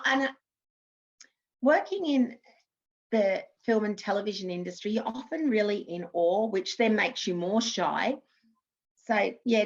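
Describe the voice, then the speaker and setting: An Australian woman in her fifties, formerly a TV actress, chats through anecdotes in a casual interview, restarting often. Her voice is medium-pitched, and the recording has the highs cut off.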